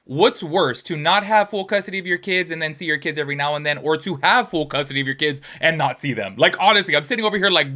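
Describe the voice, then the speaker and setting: A young man hosting a casual gossip commentary channel, talking in an animated way with lots of filler words. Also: a little high, quick pace.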